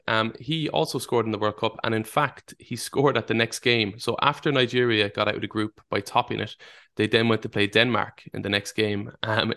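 Gravelly-voiced male podcast quiz host. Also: lowish voice, a bit bright. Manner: reads out clues, laughs easily. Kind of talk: casual podcast chat.

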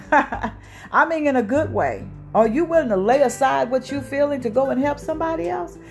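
Animated woman giving a motivational talk. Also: sits high, normal speed, gravelly, faint music behind. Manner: animated, preachy, laughs often. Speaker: motivational speaker.

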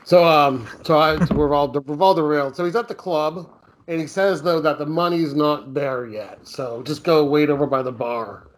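A man's voice: on the high side, moderate pace, slight background noise. A man co-hosting a casual film podcast, laughing often and acting out lines from scenes. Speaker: podcast co-host.

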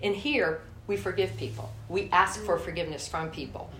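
A woman giving a sermon and telling personal stories in a lively way, acting out her own anger. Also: on the low side, moderate pace, slight background noise. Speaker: guest speaker. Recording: echoey room.

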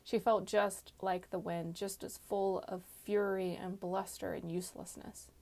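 A woman reading a fantasy novel aloud in a steady storytelling manner. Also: mid-range voice, unhurried, creaky. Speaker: audiobook narrator. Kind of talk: scripted narration.

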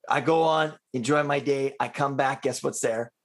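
A man in a casual conversation, telling animated personal anecdotes and acting out the quotes. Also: medium pitch, normal speed, few pauses. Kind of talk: casual storytelling chat.

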